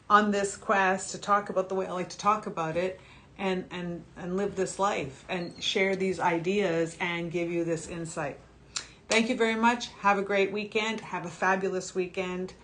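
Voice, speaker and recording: A woman's voice: lowish voice, fairly bright tone, a little hiss or hum. A chatty, emotional woman in her sixties presenting skincare products on a casual livestream, talking straight to her viewers. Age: 60s. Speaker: shopping channel skincare brand presenter. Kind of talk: casual livestream sales chat.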